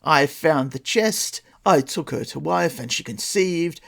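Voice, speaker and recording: A man's voice: fairly high pitch, expressive, measured pace, gravelly, a bit bright, full character voice. A man voicing a self-pitying, melodramatic king in a casual folktale retelling.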